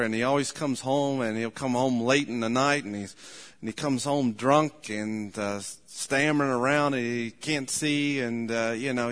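A man's voice: mid-range voice, a bit bright. A man preaching a sermon, telling folksy stories, repeating his points and chuckling as he speaks. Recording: long hall reverb.

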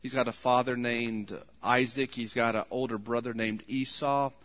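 A man's voice: mid-range voice, fairly even intonation, normal speed. Earnest preaching man in a reverberant hall. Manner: earnest, rises to loud pleading when quoting. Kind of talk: sermon.

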